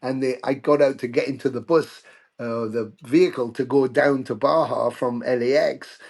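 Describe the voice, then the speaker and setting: A middle-aged British man telling anecdotes in a casual interview, animated when he quotes others. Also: mid-range voice, moderate pace, gravelly. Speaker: guest musician.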